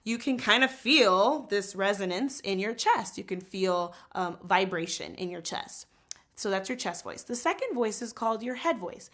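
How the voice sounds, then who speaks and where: A woman teaching a casual singing lesson, animated and explaining with quick spoken and sung examples. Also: mid-range voice.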